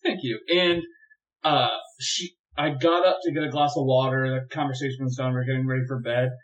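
A young man chatting as a podcast guest, telling animated stories and laughing often. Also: medium pitch, a little fast, low-quality recording. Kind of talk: casual chat.

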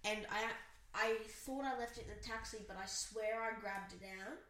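A woman's voice: mid-range voice, moderate pace, a bit bright. Rambling woman in an echoey room. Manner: rambling storytelling with many fillers. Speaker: podcast co-host. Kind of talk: casual chat. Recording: roomy echo with faint noise.

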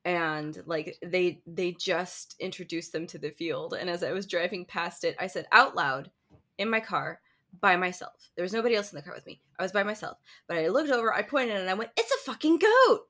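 A woman's voice: lowish voice, a little fast. A woman co-hosting a podcast who chats casually and tells stories with animation. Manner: animated storyteller, laughs easily. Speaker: podcast co-host. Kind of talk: casual chat.

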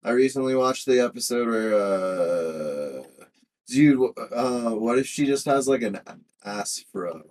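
A young man co-hosting a podcast, talking in halting bits full of fillers. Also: mid-range voice, animated, a little mellow. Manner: slow, halting talk with many fillers. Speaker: podcast co-host. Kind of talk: casual chat.

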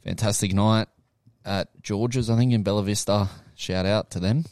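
Young Aussie host, lowish voice, slangy and upbeat, dry close sound. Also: male voice, steady tone, moderate pace, darkish tone, no echo. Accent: Australian. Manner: laughs often, slangy and upbeat. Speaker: podcast host. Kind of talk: casual pub chat.

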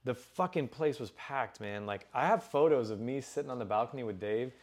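A man's voice: mid-range voice, fairly quick, a little mellow. A man in his forties from Dallas, Texas, telling stories as an interview guest in a loose, profane, casual way. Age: 40s.

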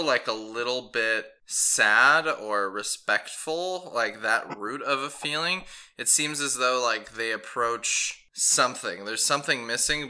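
Guy running a tabletop game, really bright voice, loose and chatty. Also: mid-range voice, smooth. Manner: relaxed, halting with fillers. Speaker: game master.

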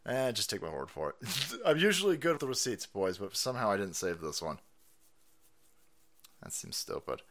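A man hosts a livestream and rants with a lot of swearing and laughter. His pitch swings wildly, with low grumbles giving way to high, shouted bursts. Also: sing-song, moderate pace, pauses often, background noise. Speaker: live stream host. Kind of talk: profane political rant on a livestream.

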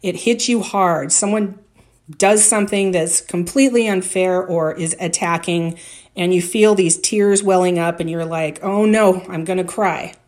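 A woman's voice: on the low side, steady tone, a little slow, darkish tone. A woman giving career advice to women in a direct, conversational way, with anecdotes and tips. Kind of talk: motivational advice talk.

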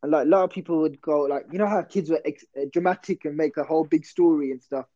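Young guy rambling on a podcast, bit high voice, mellow, muffled lo-fi sound. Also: fast talker. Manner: rambling, slangy, self-interrupting. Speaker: podcast host. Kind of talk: casual storytelling chat.

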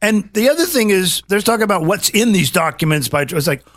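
A man co-hosting a casual political talk show, animated and mocking, often acting out the voices of people he quotes. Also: sits high, brisk, dry recording, clean studio sound.

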